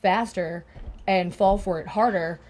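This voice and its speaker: A woman's voice: medium pitch, a little slow, background noise. An older woman speaking frankly from personal experience as a guest on a panel discussion.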